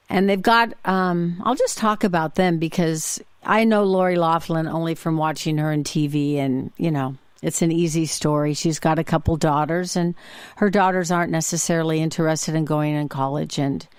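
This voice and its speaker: A woman's voice: lowish voice, smooth, dry recording. A woman hosting a podcast, telling stories in a chatty, casual monologue. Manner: chatty, with frequent fillers and restarts. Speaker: podcast host.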